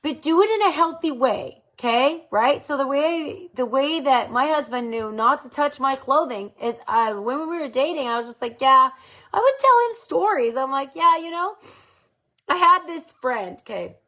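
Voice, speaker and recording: Chatty woman with a raised, lively voice. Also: high voice, moderate pace. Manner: chatty, keeps asking "okay?" to her listeners; laughs easily and speaks frankly. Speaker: host. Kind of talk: casual confessional monologue.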